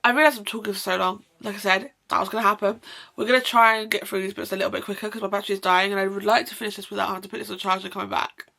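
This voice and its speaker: Gushing woman with a bright, gravelly voice. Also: medium pitch, steady tone, rapid-fire. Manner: rambling, effusive, self-interrupting with apologies. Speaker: book vlogger. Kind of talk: casual chatty book review.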